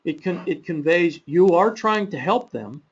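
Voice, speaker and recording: A man giving an instructional webinar in a measured, practical way, with occasional fillers and self-corrections. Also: sits high, animated, slightly rough. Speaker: webinar presenter on confrontation management. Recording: muffled, dull webinar audio.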